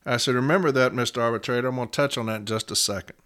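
Speaking to fellow advocates, this middle-aged union man recounts how he argued a case as a storytelling lesson in arbitration. His mid-range voice is bright and forceful, and he emphatically drags out contract words, slowing down to stress them.

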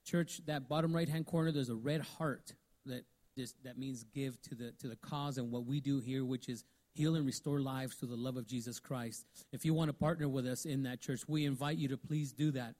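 A man's voice: medium pitch, steady tone, normal speed, darkish tone. A man making announcements in a church sanctuary, speaking straight to the congregation again and again. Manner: keeps addressing the congregation directly.

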